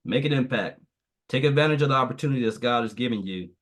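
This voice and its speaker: Guy preaching about consistency on a video call, repeats himself a lot, middle pitch. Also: fast. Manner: preachy, repeats phrases, tells a parable. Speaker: guest trainer. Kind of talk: motivational training talk.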